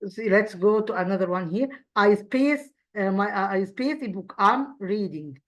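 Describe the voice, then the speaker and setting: A woman whose first language is Arabic, teaching an English grammar lesson, repeating model sentences slowly with frequent fillers and restarts. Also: medium pitch, lively intonation.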